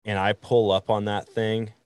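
Deep-voiced man telling a hunting story. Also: normal speed, clean tone, dry recording. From Wisconsin. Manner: animated, acts out quoted voices. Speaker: podcast host. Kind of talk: storytelling in casual conversation.

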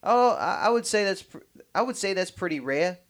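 A man doing a high-pitched New York hunter. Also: lively intonation, moderate pace. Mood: casual. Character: a male hunter guest put on with a high, nasal New York-style voice.

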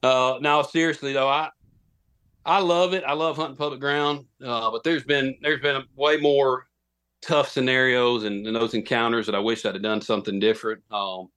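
A man's voice: mid-range voice, fairly even intonation, moderate pace, fairly bright tone, clear, resonant tone. Guy in his thirties, chatty podcast guest, rambles and laughs at himself. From Tennessee. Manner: rambling, self-deprecating, many restarts. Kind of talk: casual storytelling.

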